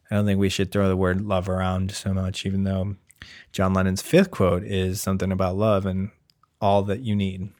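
A man's voice: on the low side, fairly quick, darkish tone, dry recording, studio quality. A man in his thirties giving a rambling, self-deprecating comic monologue as a nervous expectant father, full of wordplay and put-on quotes. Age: 30s. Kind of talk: casual comedic monologue.

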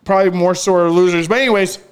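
A man's voice: sits high, fairly even intonation, quick pace, clean tone. A man co-hosting a casual podcast chat, rambling, jokey and profane. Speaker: podcast co-host.

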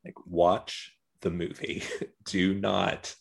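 A man co-hosting a casual podcast over a video call, laughing often and speaking in quick bursts. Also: low voice, level tone, gravelly, breathy edge. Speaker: podcast co-host. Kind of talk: casual chat.

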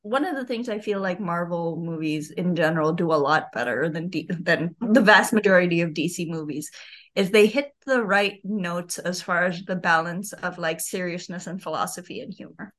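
A woman's voice: fairly low pitch, moderate pace, a bit bright. A woman co-hosting a casual chat about a movie, talking freely and laughing often. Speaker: podcast co-host.

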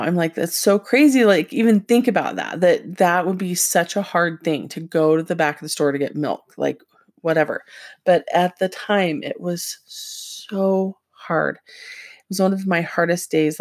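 A woman with a somewhat low voice tells a personal story in a loose, rambling way, full of filler words and restarts. She sounds earnest and emotional, sinking quieter when the memory gets hard. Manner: rambling and halting, heavy use of filler words. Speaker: vlogger sharing personal experience.

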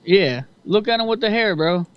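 A man's voice: high-pitched, lively intonation, normal speed, clear, resonant tone, no room sound. A man co-hosting a casual fight-pick chat, loose, profane and chatty. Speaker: podcast co-host. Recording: dull lo-fi sound.

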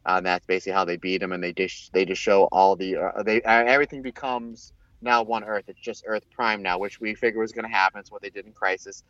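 A man in casual chat, recapping a TV crossover in a rambling, animated way and acting out the characters' lines. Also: on the low side, fast, hardly any pauses, no room sound. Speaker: podcast co-host. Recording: dull lo-fi, dry sound.

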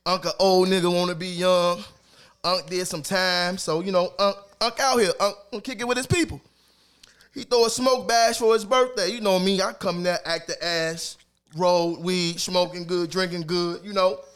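A man on a live stream telling a comic story in casual chat, animated and profane, acting out the people he quotes. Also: high voice, normal speed, clear, resonant tone.

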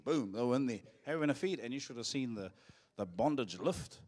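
A male pastor with a New Zealand accent, preaching a sermon in a church and telling cheeky, joking stories, acting out quotes in a louder voice. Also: mid-range voice, animated, brisk, few pauses. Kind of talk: sermon with storytelling.

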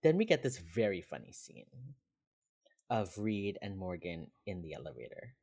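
A man's voice: deep voice, very animated, normal speed, vocal fry, darkish tone, slightly rough. A man co-hosting a podcast in casual chat, recapping an episode in a laid-back way and often chuckling. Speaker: podcast co-host.

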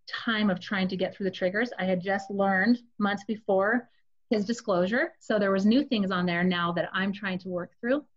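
A woman's voice: medium pitch, highs cut off. A woman sharing a personal testimony in a casual, confessional storytelling way, speaking directly to her listeners.

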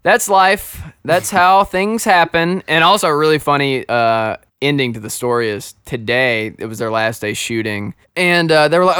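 A man co-hosting a podcast, telling an animated story in casual chat, laughing often and acting out quoted dialogue. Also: on the high side, normal speed, few pauses, clean tone, no echo, clean studio sound. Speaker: podcast co-host.

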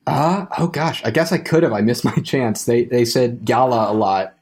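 A young man co-hosting a casual podcast, recounting a trip in a halting, wry way with frequent small laughs. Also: medium pitch, a little mellow, husky. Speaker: podcast co-host, trip returnee.

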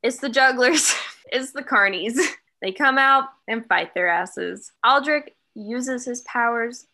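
Slightly high-pitched and slow, with a pushed, bright quality, this young podcast co-host recaps a novel dramatically, giggling and cursing freely as she chats about the book.

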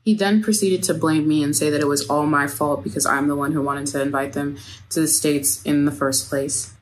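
A woman reading a first-person account aloud at a measured, steady pace. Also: low voice. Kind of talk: read first-person statement.

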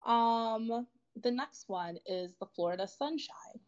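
A woman's voice: fairly high pitch, animated, slow, highs cut off. A woman co-hosting a casual group chat, reading out definitions and teasing her friends. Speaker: podcast co-host reading out terms.

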